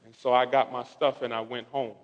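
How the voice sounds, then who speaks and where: A young man preaching a sermon, telling a personal story with animated delivery and quoting others in softer voices. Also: medium pitch, fairly quick, dull audio. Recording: long hall reverb.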